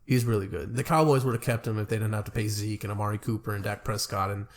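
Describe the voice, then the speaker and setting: Young man in relaxed, rambling sports chat. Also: on the low side, fast talker. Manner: laid-back, rambling, fumbles names. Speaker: podcast co-host.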